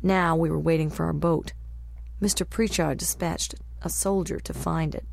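Gravelly low-voiced woman narrating. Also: steady tone, a little mellow. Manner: measured, descriptive storytelling. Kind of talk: scripted audiobook narration.

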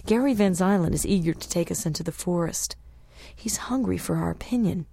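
A woman reading a travel memoir aloud as a narrator, in a measured, descriptive storytelling manner. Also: fairly low pitch, gravelly, dark tone. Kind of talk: scripted audiobook narration.

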